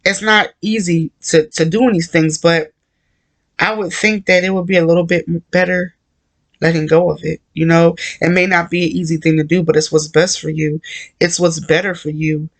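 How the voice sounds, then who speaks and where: A man speaks in an earnest, conversational devotional talk, circling back to his points and leaning on casual fillers. His voice sits somewhat high for a man and stays on a narrow, level pitch. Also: little pitch movement, normal speed. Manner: earnest, repetitive, conversational with many "like" and "you know". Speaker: Christian encourager.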